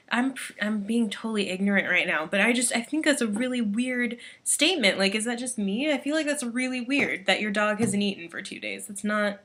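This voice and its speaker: Teen woman vlogger, crisp bright tone, rambly and anxious chatter into a webcam mic. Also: on the high side. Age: late teens. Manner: rambly, frazzled, full of "like" and "um". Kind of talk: casual video diary. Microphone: built-in computer webcam mic.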